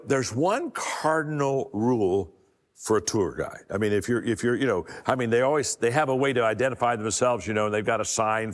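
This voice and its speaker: A man's voice: mid-range voice, long reverb tail. An older man giving a folksy motivational talk on communication and leadership, often repeating his first words as he starts a sentence. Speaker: leadership speaker.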